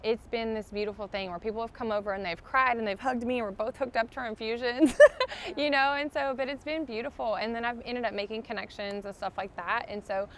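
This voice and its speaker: A woman's voice: on the high side, fairly even intonation, fast talker, hardly any pauses, fairly bright tone, slight background noise. A young woman, a podcast guest in the middle of chemotherapy, telling her story in an earnest, heartfelt way, full of "um" and "like". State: undergoing chemotherapy. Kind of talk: casual interview storytelling.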